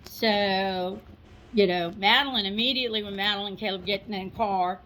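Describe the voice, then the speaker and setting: A middle-aged woman recounting a personal memory to an audience in an unhurried, conversational way, with asides and small laughs. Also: medium pitch, steady tone, fairly bright tone, slight background noise, poor audio. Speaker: storyteller. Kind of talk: personal recollection, told to an audience.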